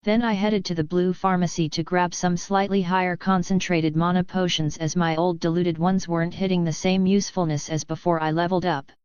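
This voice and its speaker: A woman reading a web novel aloud in steady, scripted first-person narration. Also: lowish voice, brisk, hardly any pauses, clean tone, dry recording, muffled recording. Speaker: audiobook narrator.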